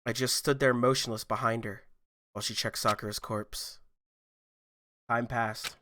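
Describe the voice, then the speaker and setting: A streamer narrating a visual novel aloud, breaking into loud swearing reactions. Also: male voice, medium pitch, steady tone, normal speed, a little hiss or hum.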